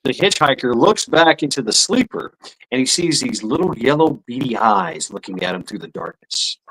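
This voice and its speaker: A man's voice: medium pitch, sing-song, normal speed, fairly bright tone, a little hiss or hum, low-quality recording. A man hosting a live stream, telling crude jokes in a loose, profane way and laughing at his own punchlines. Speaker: streamer host.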